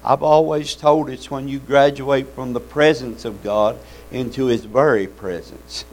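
A man's voice: medium pitch, fairly even intonation, unhurried, a little mellow, a little hiss or hum, poor audio. A man preaching a sermon in a folksy, fervent way, calling out amens and hallelujahs.

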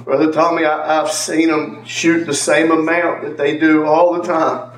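A man's voice: on the high side, flat delivery, unhurried, a little hiss or hum. A man giving an earnest church testimony, repeating phrases and calling on members of the congregation by name. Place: church sanctuary. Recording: echoey church from far off with faint ambience.

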